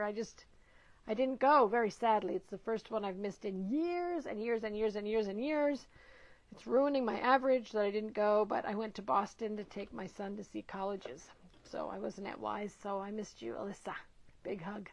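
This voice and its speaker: A woman's voice: medium pitch, moderate pace, gravelly, no echo. A middle-aged woman hosting a casual live-stream Q&A as a nutrition educator, encouraging her viewers and greeting them by name, with some hesitant fillers. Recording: dull lo-fi dry sound.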